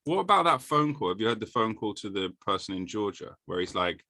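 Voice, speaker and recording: A man hosting a casual podcast chat, joking and sarcastic, with sudden jumps in pitch. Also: very animated, a little fast, few pauses, sharp tone, dry recording. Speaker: podcast host.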